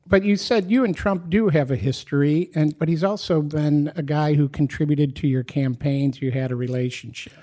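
A man's voice: on the high side, normal speed, hardly any pauses, mellow. A man interviewing in a casual, probing way. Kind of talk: interview questions.

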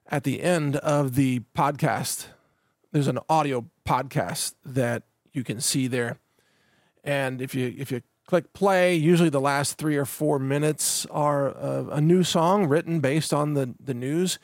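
Frequent restarts with repeated words mark this middle-aged podcast host's casual, sardonic rundown of the news, which he laughs at along the way. He speaks at a medium pitch, and the clean studio sound has no room sound at all.

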